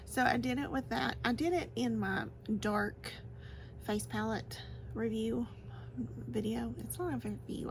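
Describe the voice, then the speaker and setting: A woman with a fairly high voice chats her way through a makeup tutorial, gushing over each shade and laughing easily. A faint hiss sits behind her voice. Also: fairly even intonation, normal speed, pauses often. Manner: chatty and gushing, laughs often. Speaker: beauty vlogger. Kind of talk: casual makeup tutorial chat.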